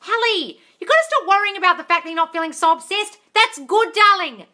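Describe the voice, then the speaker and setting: A woman with a high, bright voice runs a live-stream Q&A, answering viewers' comments. She is blunt and sweary, calls everyone darling, and every so often bursts into loud, excited cheers. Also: fairly quick. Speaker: manifestation coach answering live chat.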